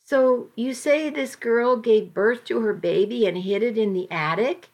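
Woman voicing a suspicious cop, questioning, skeptical, unhurried. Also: fairly high pitch, darkish tone. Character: suspicious male police officer.

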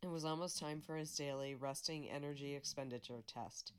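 A woman volunteer reader reading a magazine article aloud in a steady, measured way, with small slips she corrects herself. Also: deep voice, clear, resonant tone.

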